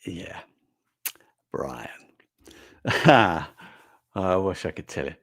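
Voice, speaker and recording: A man's voice: sits low, lively intonation, extremely slow, vocal fry, a bit bright. An older man, talking casually and earnestly to viewers on a live stream as a toy brand manager, with frequent fillers and restarts.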